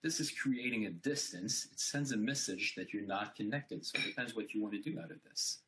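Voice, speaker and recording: A man gives an informal conference-style talk on voice and body language. His voice sits on the low side as he explains each point with frequent fillers. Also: brisk, background noise. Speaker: conference speaker. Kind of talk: informal presentation.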